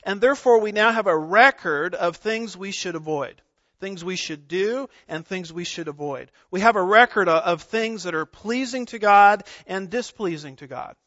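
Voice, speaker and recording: High-voiced emphatic male preacher. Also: expressive, moderate pace, pushed and bright, no echo. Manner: emphatic, rhetorical questions, stresses single words. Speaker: pastor. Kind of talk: expository sermon. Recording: dull lo-fi sound.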